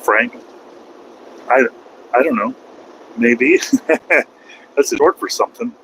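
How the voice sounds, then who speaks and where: A man's voice: fairly high pitch, sing-song, a little slow, creaky, a little hiss or hum, rough recording. A man who drives a truck, chatting casually and rambling from the road, with slangy talk that repeats itself and trails off. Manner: loose and conversational, slangy, repeats himself and trails off. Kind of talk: casual rambling vlog chat.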